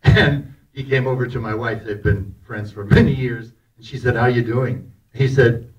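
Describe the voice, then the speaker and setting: Older man telling animated stories from afar. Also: medium pitch, moderate pace. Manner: animated, laughing, acts out quoted lines. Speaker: actor telling stories about a film. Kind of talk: anecdotal storytelling to an audience. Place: festival talk in a hall. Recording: voice picked up from a distance.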